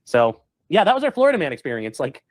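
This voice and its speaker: Fast, animated man telling a rambling story. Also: on the high side, no room sound. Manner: rambling, animated, full of fillers and acted-out quotes. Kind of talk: casual storytelling to a live chat.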